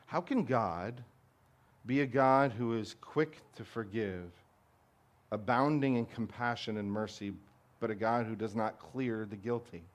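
This is a man delivering a sermon from the pulpit, with a voice at an everyday middle pitch. He speaks earnestly and with emphasis, working through rhetorical questions as he addresses the congregation. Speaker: pastor.

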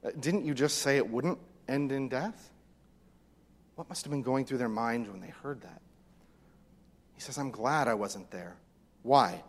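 A man preaching a sermon as pastor, animated, acting out voices from the text. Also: medium pitch, unhurried, pauses often. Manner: animated, acts out the disciples' lines. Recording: long reverb of a hall.

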